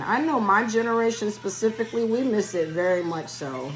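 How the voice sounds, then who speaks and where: A woman's voice: mid-range voice, a little fast, soft background music, rough recording. A woman giving a spiritual reading in a casual solo vlog, chatty and rambling as she talks straight to her viewers. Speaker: spiritual reader.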